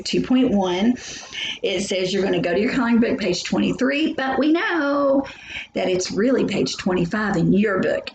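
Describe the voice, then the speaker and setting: A woman with a mid-range, darkish voice gives a recorded biology lecture, joking and chatting directly with her students. Faint hum and room echo are audible.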